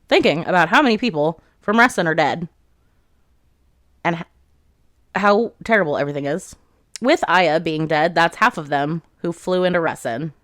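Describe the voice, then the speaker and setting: A woman's voice: on the low side, fairly bright tone, no room sound, studio quality. A woman recapping a fantasy novel in casual chat, swearing freely and quoting the characters as she goes. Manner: chatty, swears freely, quotes characters with 'she's like'. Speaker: book reviewer.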